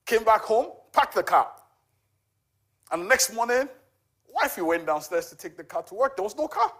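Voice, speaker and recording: A man in his forties stands before a church congregation and shares a personal testimony. He talks in a loose, conversational way, often pausing on little fillers as he tells the story, and his voice sits a little higher than most men's. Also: expressive, a bit bright. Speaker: charity volunteer giving a testimony.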